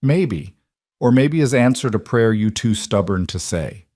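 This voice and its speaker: A man's voice: on the low side, expressive, measured pace, darkish tone, no echo. Guy doing a blunt older polish housekeeper lady, broken english, dry close sound.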